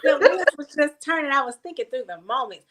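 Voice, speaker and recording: A woman's voice: high-pitched, lively intonation, brisk, over a noisy crowd. A young adult woman in a casual group chat, telling a personal story emphatically and repeating words for stress. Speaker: guest.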